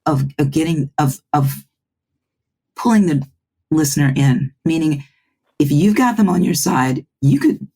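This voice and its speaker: A guest audiobook narrator, a woman, talks on a roundtable. Her voice is husky with a gravelly fry underneath. She stammers and restarts her sentences as she works toward a point. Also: deep voice, animated, measured pace, long pauses, warm tone. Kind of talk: roundtable conversation.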